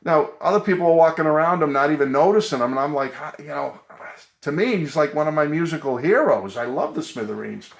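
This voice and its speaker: A man's voice: on the high side, animated, fairly quick, gravelly. Earnest rambling man in an echoey room. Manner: rambling, earnest, many ums and uhs. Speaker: vlogger. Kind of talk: casual tribute vlog. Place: home music room.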